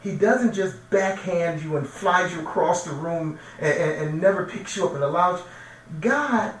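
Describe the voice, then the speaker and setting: A man's voice: fairly high pitch, moderate pace. A man, a minister, giving a heartfelt personal testimony, earnest and emotional, often repeating himself as he searches for words. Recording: echoey room, distant mic, faint noise.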